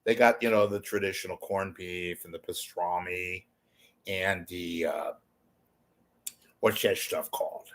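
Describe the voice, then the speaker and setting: An older man hosting a casual livestream, rambling and crude, his voice going hoarse. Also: low-pitched, steady tone, unhurried, long pauses, fairly bright tone. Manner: crude, rambling, self-amused. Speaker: host.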